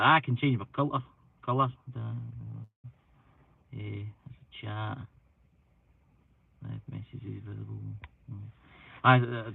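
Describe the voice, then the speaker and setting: A man's voice: fairly low pitch, vocal fry, breathy edge, no echo. A Scottish man chatting casually on a live stream, rambling and self-deprecating, a bit stuffy with hay fever. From Scotland. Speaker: paranormal channel live streamer. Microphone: computer mic. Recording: tinny phone-like sound, dry.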